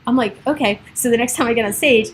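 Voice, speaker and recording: Woman, middle-aged, livestream host, casual chat, laughs often, slightly high voice, faint background noise. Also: fairly even intonation, fast, rough recording. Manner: chatty, laughing often, greeting commenters.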